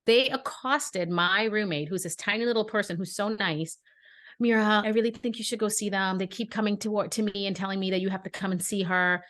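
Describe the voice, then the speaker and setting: A woman's voice: medium pitch, fairly bright tone. A woman podcast co-host, from Brooklyn, telling a story in casual chat and acting out the dialogue with indignant energy.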